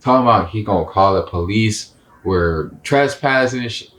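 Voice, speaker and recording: A young man co-hosting a podcast, telling a story in a casual, slangy, animated way. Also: on the low side, moderate pace. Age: young adult. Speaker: podcast co-host. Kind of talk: casual chat.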